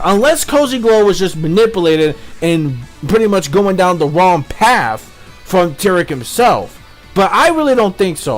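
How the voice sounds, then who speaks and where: A man giving a casual spoken review of a cartoon episode, excitable and rambling, with plenty of fillers and swearing. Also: high-pitched.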